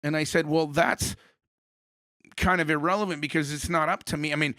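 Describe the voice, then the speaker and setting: A man's voice: fairly high pitch, fairly even intonation, a little fast, sharp tone, dry recording, studio quality. A man hosting a podcast, telling a rambling story in casual chat and swearing now and then. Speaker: podcast host.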